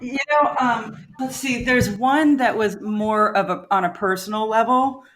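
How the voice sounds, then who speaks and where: A woman's voice: on the high side, measured pace, fairly bright tone. A woman in a band, a podcast guest telling rambling stories in a casual, chatty way and laughing often. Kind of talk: casual storytelling.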